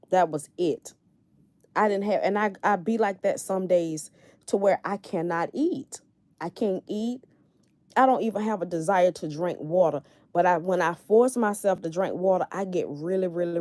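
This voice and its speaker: Brief: middle-aged woman, low mellow voice, candid live-stream host talking straight to viewers from bed, dry close sound. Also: no echo. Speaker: livestream host. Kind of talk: casual live-stream chat. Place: in bed at home.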